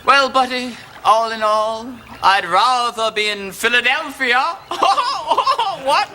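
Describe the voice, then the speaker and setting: An actor playing the pompous, snobbish ghost of a dead playwright, quipping in an arch, plummy way in a sketch comedy. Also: male voice, very high voice, slow pace. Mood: smug. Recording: noisy sketch soundtrack.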